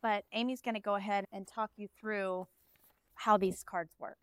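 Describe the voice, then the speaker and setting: Woman presenter with smooth, clear voice. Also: medium pitch, fairly even intonation, normal speed, dry recording. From Texas. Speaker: educator presenting. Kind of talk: live conference presentation.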